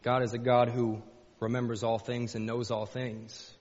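Husky-voiced pastor preaching in a hall. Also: male voice, medium pitch, little pitch movement, normal speed, darkish tone. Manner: folksy, repeats phrases, rises to fervent pleading. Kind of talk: sermon. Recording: dull lo-fi sound with long hall reverb.

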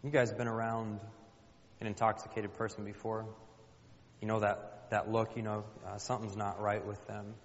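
A man's voice: lowish voice, level tone, normal speed. A man preaching a sermon in a conversational way, often putting questions to his congregation. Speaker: pastor. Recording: dull sound with long hall reverb.

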